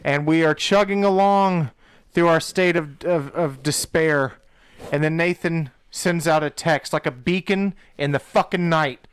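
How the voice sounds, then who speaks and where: Young male co-host, clear resonant voice, crude and hyped-up banter. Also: fairly high pitch, unhurried, dry recording. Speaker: podcast co-host. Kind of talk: casual banter.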